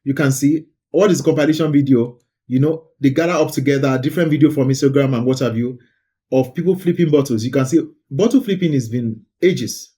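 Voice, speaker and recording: With a brisk delivery and a dark tone at medium pitch, this man runs a relaxed screen-share breakdown of online videos as a YouTube host. He stresses points forcefully, frequently saying words twice.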